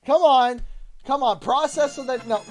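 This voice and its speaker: A Canadian man live-streaming a game, excitable and thanking viewers over and over. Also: very high voice, normal speed, over music. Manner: excitable, thanks donors warmly and often. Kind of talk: live gameplay stream chat.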